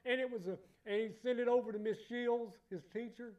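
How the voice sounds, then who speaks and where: A man preaching a sermon in church, emphatic and repetitive, building to loud exclamations. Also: very high-pitched, fairly even intonation, a little fast, dull audio.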